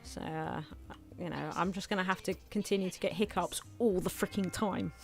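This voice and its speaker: A woman's voice: on the low side, fairly even intonation, normal speed, vocal fry, faint music behind. A young woman streaming a game, chatting casually at her microphone and laughing often, while she has hiccups. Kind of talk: casual live-stream chat while gaming. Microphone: desk microphone.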